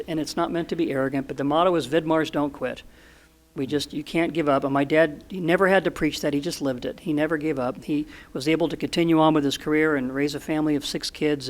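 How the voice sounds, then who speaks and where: A man in his sixties, a podcast guest, telling stories in an earnest, animated way with frequent restarts. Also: fairly high pitch. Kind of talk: storytelling in an interview.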